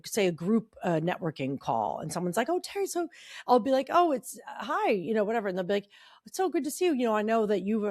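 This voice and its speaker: A woman's voice: mid-range voice, darkish tone, dry recording, clean studio sound. A middle-aged woman co-hosting a casual podcast, wry and swearing, acting out quotes. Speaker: podcast co-host. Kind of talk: casual chat.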